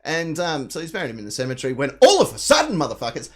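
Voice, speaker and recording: Lively, profane male host rambling. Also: fairly high pitch, racing. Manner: rambling, profane, retelling a film. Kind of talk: casual live-stream chat.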